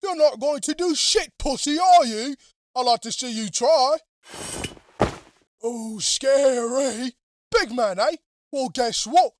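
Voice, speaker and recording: A man's voice: very high voice, takes it slowly, pauses often, dry recording, voice pushed up. A man voicing a taunting male necromancer villain with a put-on Birmingham accent and crude slang. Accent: Birmingham, English.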